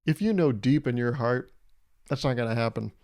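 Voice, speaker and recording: Speaking at an ordinary pace with a medium, darkish voice, a young man hosts his own podcast. He meanders through a one-man comedy bit, sarcastic and mock-serious, and laughs at his own punchlines.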